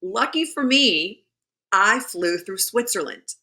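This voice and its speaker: A woman telling a story as a podcast guest in casual chat, animated and chatty. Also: mid-range voice, slow.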